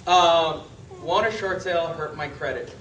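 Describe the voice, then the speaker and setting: A high, bright-voiced man delivers an emphatic seminar lecture, firing off rhetorical questions. He is picked up from across a large echoey room. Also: a little slow, far from the mic, a little hiss or hum. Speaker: real estate trainer.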